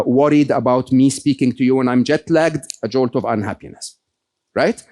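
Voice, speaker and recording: A man's voice: mid-range voice, a little mellow. A man giving a conversational motivational talk to a live audience, often checking in with "okay?" and "right?". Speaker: keynote speaker.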